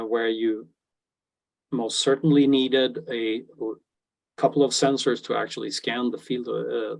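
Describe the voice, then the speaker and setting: Gravelly man presenting a technical webinar. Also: medium pitch, rough recording. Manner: halting, frequent "uh" fillers and restarts. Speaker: product presenter.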